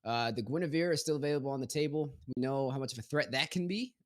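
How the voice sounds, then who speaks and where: A man's voice: medium pitch, fast talker. Analytical male esports caster. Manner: analytical, asks co-casters questions. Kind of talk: live esports commentary.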